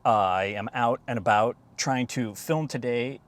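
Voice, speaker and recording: A man chatting casually as a photography vlogger from inside his parked car, recorded by a camera on the dashboard, relaxed and rambling with casual swearing. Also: mid-range voice, measured pace. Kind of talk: casual rambling vlog talk. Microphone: camera mounted on the dashboard.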